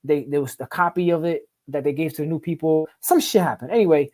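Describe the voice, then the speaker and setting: Man guest, rapid-fire street-slang storyteller, swears a lot, keeps saying right. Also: a little high, mellow. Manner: repeats and restarts words in quick bursts. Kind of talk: casual storytelling interview.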